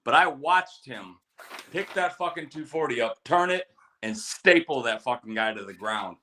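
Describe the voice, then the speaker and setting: A middle-aged man, a veteran co-hosting a casual show, telling stories and giving fight picks with lots of profanity and animated quoting. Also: a little high, normal speed, slight background noise. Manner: storytelling, profane, animated quotes. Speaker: podcast co-host, military veteran.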